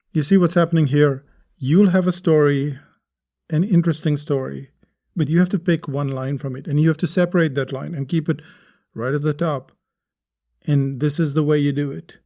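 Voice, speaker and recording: Mellow-voiced man teaching on a podcast. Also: a little high. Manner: explanatory, poses rhetorical questions. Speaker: podcast host teaching writing. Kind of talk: podcast lesson.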